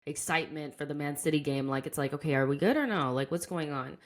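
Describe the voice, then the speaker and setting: Host: low-pitched American woman, chatty and laughing, casual talk-show delivery. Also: fast. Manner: chatty, laughs often, leans on "like". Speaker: podcast host. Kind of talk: casual football chat.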